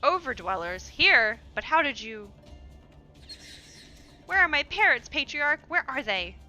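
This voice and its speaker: A woman doing a high, frightened young kobold. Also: sing-song, a little slow, sharp tone, faint music behind, full character voice. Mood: anxious.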